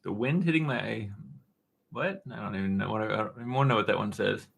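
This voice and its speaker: A man in his thirties, with a voice that sits somewhat low, answers viewers' questions on a live stream in a loose, unhurried way. He drifts between answers with fillers and restarts, chatting from his dark-painted studio room. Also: vocal fry, breathy edge. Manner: relaxed, rambling, many fillers and restarts. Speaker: woodworking channel host answering live chat.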